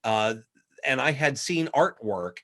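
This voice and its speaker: A man, a voice actor guest in a casual interview, telling lively stories and slipping into voices. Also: mid-range voice, takes it slowly. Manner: lively anecdotal, acts out voices mid-story.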